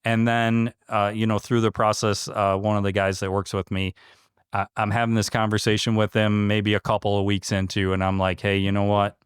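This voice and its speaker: Earnest man with a smooth, low voice. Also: level tone, moderate pace, dry recording, studio quality. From Michigan. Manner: earnest, heartfelt, many fillers and restarts. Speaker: franchise owner, interview guest. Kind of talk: casual interview conversation.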